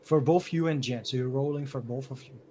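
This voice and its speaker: A man's voice: medium pitch, brisk, warm tone, a little hiss or hum. A man running a tabletop game as game master, setting scenes with lots of "like" and restarts.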